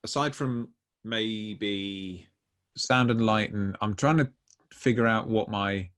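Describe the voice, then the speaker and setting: A man with a fairly low voice co-hosts a loose comedy chat. He rambles, stops and restarts, and loses his point mid-sentence. He is heard over a video call. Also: fairly bright tone. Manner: rambling, halting, loses his train of thought. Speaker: podcast co-host. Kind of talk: casual chat.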